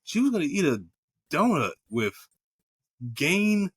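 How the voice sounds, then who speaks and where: A man co-hosting a casual movie review podcast, animated and profane, laughing often as he retells scenes. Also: high-pitched, unhurried, breathy edge, no room sound, studio quality. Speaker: podcast co-host.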